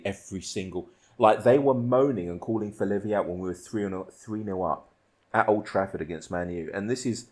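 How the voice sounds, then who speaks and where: A man's voice: fairly low pitch, darkish tone. A man hosting a casual podcast, telling rambling stories and laughing often. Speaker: podcast host.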